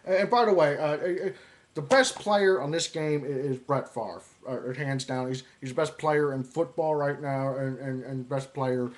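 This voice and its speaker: A man doing an impression of an older football commentator who rambles, stammers and gets excited. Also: mid-range voice, moderate pace, lightly acted.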